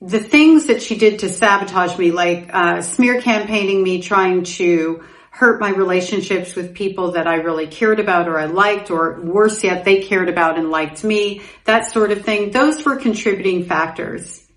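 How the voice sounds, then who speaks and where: Woman podcast host, middle-aged, candid and animated, mid-pitched voice, echoey room. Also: moderate pace. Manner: candid, animated when recalling her mother, laughs through painful memories. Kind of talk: personal storytelling to camera. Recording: roomy echoing room.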